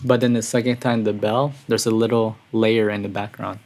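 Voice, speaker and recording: A man streaming a music reaction, talking casually and excitedly, breathless and calling his viewers "bro". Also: lowish voice, moderate pace. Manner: excitable, says "bro" often, gushing. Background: song playing quietly.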